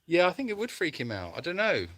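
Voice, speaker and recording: A man's voice: on the high side, wildly swooping pitch, fast, fairly bright tone. A man co-hosting a live stream outdoors, chatting away and talking to the animals around him. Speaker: sanctuary live-stream co-host. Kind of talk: casual live-stream chat. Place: outdoors in a dusty animal yard.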